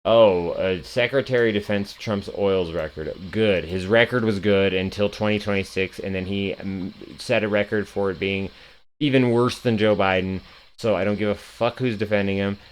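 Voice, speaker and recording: A man with a lowish voice riffs on the day's headlines. He is sarcastic and profane, and he rambles and restarts as he reads. It sounds like a one-man commentary show. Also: fairly even intonation, moderate pace.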